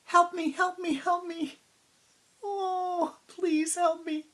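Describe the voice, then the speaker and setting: A woman voicing a frightened little girl of about seven, crying out in high, shrill calls for help during a spiritual storytelling talk. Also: flat delivery, slow, fairly bright tone, heavily acted. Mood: terrified.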